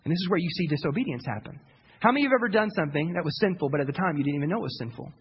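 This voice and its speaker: A man preaching a sermon as a pastor, telling a story in an animated way, repeating words and acting out the people he quotes. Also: a little high, rapid-fire. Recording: dull audio with long hall reverb, faint noise.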